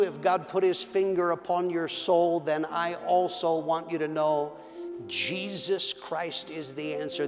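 A man preaching a sermon as pastor, fervent and emphatic. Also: a little high. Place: church sanctuary. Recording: long hall reverb.

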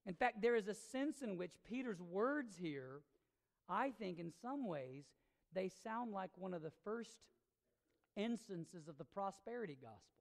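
A woman's voice: mid-range voice, expressive, measured pace, vocal fry. A woman pastor preaching a sermon in an emphatic, conversational way. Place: church sanctuary. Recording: long reverb of a church hall.

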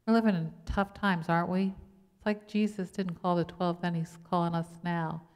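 A woman's voice: on the low side, flat delivery, moderate pace, a little mellow. A woman pastor, preaching a conversational sermon full of rhetorical questions. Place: church sanctuary. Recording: long church reverb.

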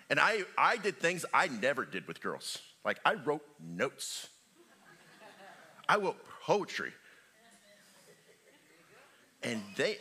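A middle-aged male pastor preaching a sermon in a church, joking with the congregation and swinging from loud calls to near whispers. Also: medium pitch. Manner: animated, joking preacher with big swings in loudness. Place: church sanctuary.

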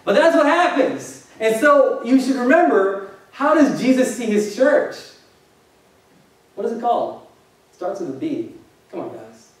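A man's voice: extremely high pitch, big pitch swings, a little slow. A male pastor preaching a sermon, joking and asking the congregation questions. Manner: conversational, jokey preaching with rhetorical questions to the congregation. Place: church hall. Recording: echoey hall, distant mic.

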